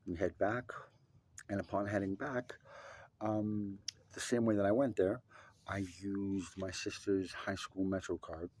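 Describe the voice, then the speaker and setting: A man's voice: low-pitched, a little mellow, breathy edge. A young man telling a rambling, profane personal story with many restarts. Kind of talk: casual storytelling.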